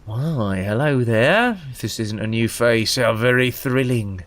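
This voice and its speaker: A man voicing a sultry, flirtatious female assassin who speaks in a soft, purring, teasing way. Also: mid-range voice, lively intonation, a little slow. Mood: silky.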